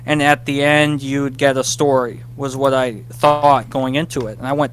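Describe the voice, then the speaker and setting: A man, a guest writer, telling a casual interview story, animated and self-deprecating about his nerves. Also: on the high side, a little hiss or hum. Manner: animated, acts out his past self in quick bursts.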